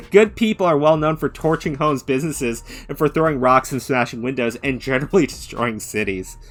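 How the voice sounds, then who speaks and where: A man's voice: medium pitch, normal speed, faint music behind. A man hosting an angry reaction commentary, ranting with heavy profanity and mocking others in put-on voices. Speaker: commentary channel host.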